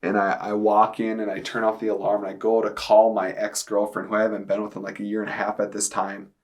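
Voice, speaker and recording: A young man telling his personal testimony in earnest, halting speech with many fillers. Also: on the low side, completely flat delivery. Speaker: testimony speaker.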